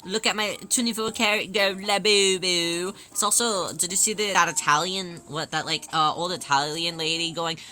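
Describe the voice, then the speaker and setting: A woman hosting a casual livestream, chatting and answering viewers' questions in a lively way with many restarts. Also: on the low side, moderate pace, hardly any pauses, soft background music. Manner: animated, reads and answers chat, many restarts. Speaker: livestream host.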